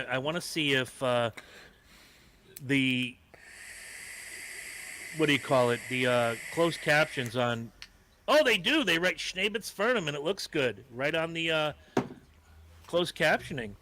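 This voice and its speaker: Bright, joking podcast man. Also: fairly high pitch, animated, measured pace, pauses often. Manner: joking, goofy. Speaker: podcast co-host. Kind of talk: casual chat.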